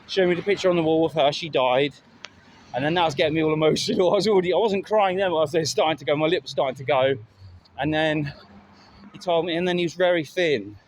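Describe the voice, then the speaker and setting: A middle-aged man tells a rambling, candid story, swearing casually. His voice sits a little high. He records on a phone by a road, with faint traffic behind him. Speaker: vlogger. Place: outdoors by a road with passing traffic. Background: faint traffic and street sounds.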